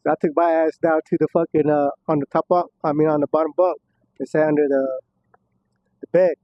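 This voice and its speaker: A man's voice: on the high side, steady tone, brisk, no echo. A man casually telling a story from prison, heavy on profanity, laughing at times and acting out what others said. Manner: profane, laughing, acts out quoted voices. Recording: dull muffled dry audio.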